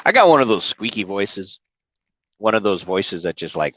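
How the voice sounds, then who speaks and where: Rambling, cussing trucker on a livestream. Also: male voice, lowish voice, sing-song, normal speed, fairly bright tone, no echo, muffled recording. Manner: rambling, profane, talks to viewers by name. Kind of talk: casual livestream chat. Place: inside his truck cab. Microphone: phone.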